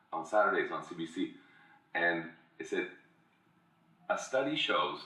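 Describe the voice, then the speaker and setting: A man's voice: on the low side, a bit bright, recorded from a distance. A man co-hosting a casual podcast, telling rambling stories and dropping into brief voice impressions. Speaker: podcast co-host. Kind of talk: casual chat. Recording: dull lo-fi sound in an echoey room, off mic.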